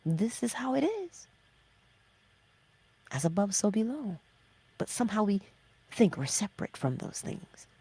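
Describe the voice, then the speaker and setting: A woman hosting a motivational spiritual talk, asking rhetorical questions and answering them herself, sometimes dropping to a hushed whisper. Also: fairly low pitch, gravelly, husky. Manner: drops into hushed, whispered emphasis. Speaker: host of a morning inspiration livestream.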